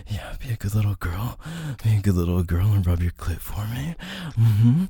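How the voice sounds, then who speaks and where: A man performing an intimate adult audio role-play in a dominant, teasing way, with soft moans and whispered asides. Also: lowish voice, moderate pace, breathy edge, dry recording, clean studio sound.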